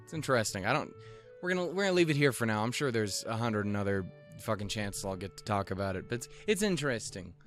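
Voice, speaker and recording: A man's voice: lowish voice, fast talker, faint music behind. A young man hosting a let's play, reading a visual novel aloud and cursing at himself. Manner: excitable, swears a lot, self-mocking.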